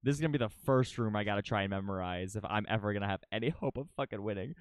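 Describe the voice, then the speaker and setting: A young adult livestreamer giving excitable, casual commentary during gameplay, thinking aloud, swearing freely and chatting with viewers. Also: mid-range voice, quick pace, few pauses, clear, resonant tone, dry recording, clean studio sound.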